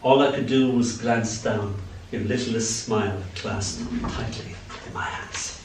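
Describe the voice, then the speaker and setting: An older Irish man reading his poems aloud at a live event, playful and lilting, with sudden swings between soft and loud. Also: on the low side, steady tone, measured pace, heavy background noise. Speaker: poet. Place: event venue. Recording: echoey room from far off, faint ambience.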